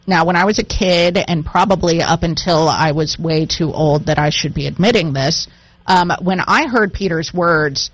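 A woman's voice: lowish voice, moderate pace, poor audio. A woman hosting a conversation about scripture, reading a passage aloud and asking curious questions in a casual way. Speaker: host.

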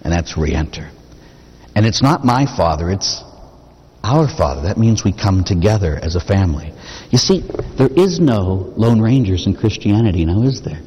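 A man's voice: on the low side, very animated, normal speed, dark tone, slight background noise. A man preaching a sermon as a Catholic priest, talking conversationally and posing rhetorical questions to the congregation. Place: church. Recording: long reverb of a church.

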